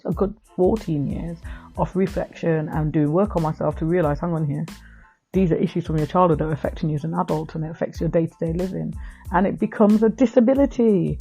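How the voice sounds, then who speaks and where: A middle-aged woman hosting a reflective podcast tells her listeners heartfelt stories from her own life. Her lowish voice is warm, creaky, and slightly rough.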